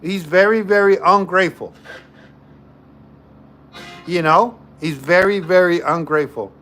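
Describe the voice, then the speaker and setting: A man's voice: high-pitched, a little slow, fairly bright tone, faint music behind. A man hosting a livestream, telling a story to his chat in a casual, joking way and repeating himself often. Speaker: livestream host.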